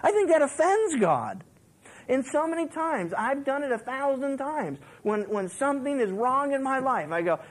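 This pastor's voice is very high and he speaks at normal speed, and the recording is low quality. Preaching on a book of the Bible, he tells stories animatedly, says "you know" a lot, and performs the quotes while laughing.

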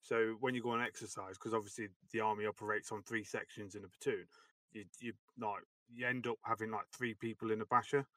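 A man's voice: lowish voice, steady tone, a little fast, a bit bright, no echo. A young man co-hosting a podcast, telling a sweary army story in a chatty way. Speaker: podcast co-host. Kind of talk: casual army stories chat.

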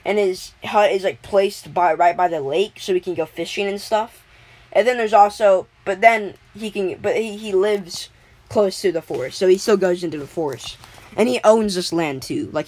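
A woman's voice: on the low side, moderate pace, darkish tone, rough recording. Rambling woman improvising a story. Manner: rambling, many fillers and restarts.

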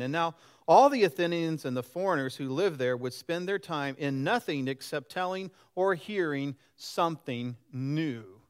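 A pastor in his sixties preaches in a lively, conversational way. He often turns to the congregation with questions. His voice sits a little high for a man. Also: moderate pace, clean tone. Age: 60s. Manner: lively and animated. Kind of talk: sermon.

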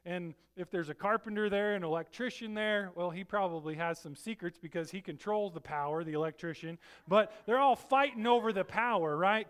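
A middle-aged man preaching as pastor, casual and conversational, tossing in "right?" asides and breaking into loud emphatic bursts. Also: high-pitched, clean tone. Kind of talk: sermon.

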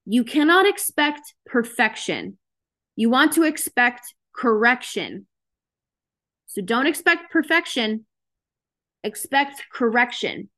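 Frank, chatty woman hosting a self-help call, a little high in pitch, easy and conversational. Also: animated, slow, pauses often, a bit bright. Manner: frank, chatty, with lots of fillers. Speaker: host of a self-help session. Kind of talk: casual motivational talk. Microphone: video call.

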